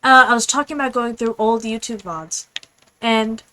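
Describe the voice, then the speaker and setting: A young woman streaming a game, chatting casually in a rambling, fast, apologetic way. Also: on the high side, bright, forceful tone, slight background noise, rough recording. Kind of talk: casual gaming stream chat.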